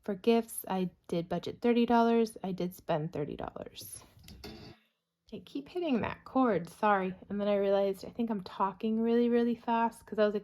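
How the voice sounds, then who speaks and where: A woman's voice: mid-range voice, warm tone. Chatty woman vlogger going over her budget. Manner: chatty, self-reassuring, quick with figures. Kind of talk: casual spoken budget review.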